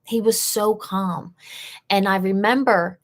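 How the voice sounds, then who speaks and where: A woman's voice: medium pitch, fairly even intonation, slow pace. A woman hosting a live session, telling a personal story in an earnest way and repeating key phrases for emphasis.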